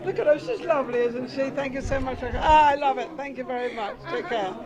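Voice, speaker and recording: A chatty woman works a red carpet outdoors, encouraging each guest and handing out advice in a friendly, talkative way. A loud crowd murmurs all around her. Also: sits high, a little fast, highs cut off. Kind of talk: casual red carpet interview.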